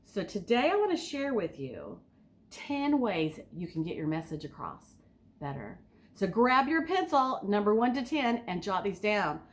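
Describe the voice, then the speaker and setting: A woman's voice: mid-range voice, unhurried. An enthusiastic woman giving an instructional talk as a speaking coach, asking her listeners direct questions. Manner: enthusiastic, sometimes overly excited.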